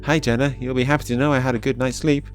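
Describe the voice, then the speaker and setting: A man doing a chirpy woman librarian, pitched well above his own low voice, with a nasal, sing-song put-on lilt. She sounds brisk and a little bossy, and faint music runs underneath. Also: level tone, close to an everyday voice.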